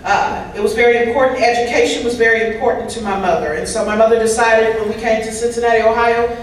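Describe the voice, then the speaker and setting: Woman voice interpreter, medium pitch, easy humorous storyteller, picked up from far back in a very echoey hall. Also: steady tone, fast talker, slight background noise. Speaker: voice interpreter for a signed recovery talk. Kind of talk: first-person interpreted speaker talk. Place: large convention hall.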